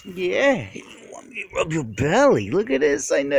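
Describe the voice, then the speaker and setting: A man's voice: high voice, wildly swooping pitch, moderate pace, creaky, husky. A man filming and fussing over a cat he just met, talking to it in cooing baby talk, outdoors on a phone camera. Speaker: cat owner filming a stray.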